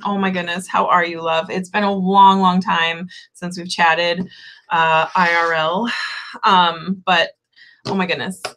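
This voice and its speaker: A woman's voice: on the low side, sharp tone, a little hiss or hum. A woman shop owner chatting casually on a tarot livestream, rambling and giggly, with lots of fillers.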